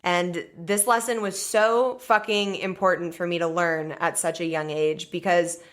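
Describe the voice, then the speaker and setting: Woman podcast host in her thirties, from the US, lowish voice, candid and swears freely, soft laughs throughout. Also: fairly even intonation, a little slow. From United States. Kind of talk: personal storytelling monologue.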